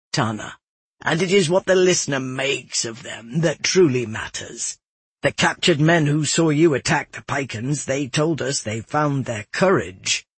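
A man voicing a calm, wise old male roadmaster in an audiobook, speaking slowly and softly. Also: fairly high pitch, breathy edge, no room sound, heavily acted. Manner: slow, soft-spoken. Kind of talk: audiobook narration.

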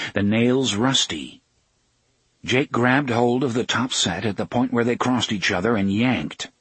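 A man narrates a story with a very husky, breathy voice, measured and unhurried, easing off the pace at tense moments. The sound is close and dry, with no room around it. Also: medium pitch, no echo. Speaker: audiobook narrator. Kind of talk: scripted narration.

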